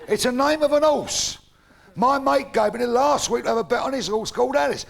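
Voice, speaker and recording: Fairly quick and gravelly, this very high voice belongs to a middle-aged Cockney comic from London doing stand-up before a live audience, captured in a noisy stage recording. Crude and brash, he curses openly and plays every part in his tales.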